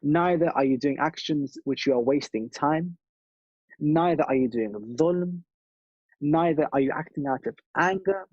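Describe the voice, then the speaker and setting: At a mourning gathering, a man gives an earnest sermon with a rhythmic delivery, repeating phrases for emphasis. His voice sits on the high side and sounds a little mellow, and he speaks a little slowly on a dry, lo-fi recording.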